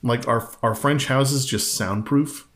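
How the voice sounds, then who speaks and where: Wry, animated man reviewing a film. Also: medium pitch, takes it slowly. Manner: wry, animated retelling with mocking quoted voices. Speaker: podcast co-host. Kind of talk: casual movie review chat.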